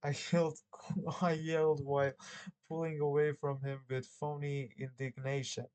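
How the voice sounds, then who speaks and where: Sex: man. Role: channel host. Style: casual chat and reading a book aloud. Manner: rambling, self-correcting, quick to laugh. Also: on the high side, flat delivery, a little mellow, smooth, poor audio.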